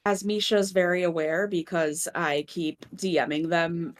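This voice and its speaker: A woman's voice: fairly low pitch, steady tone, unhurried. Rambling woman on a voice call. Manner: rambling, lots of "like" fillers, self-deprecating. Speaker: community member, regular. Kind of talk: casual group chat on a voice call. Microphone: computer mic on an online voice call.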